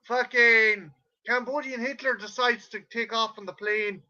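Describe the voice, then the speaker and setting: A man's voice: very high voice, unhurried, highs cut off. A man co-hosting a film review podcast, casually retelling a plot with lots of swearing. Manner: profane, rambling, animated retelling. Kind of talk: casual chat.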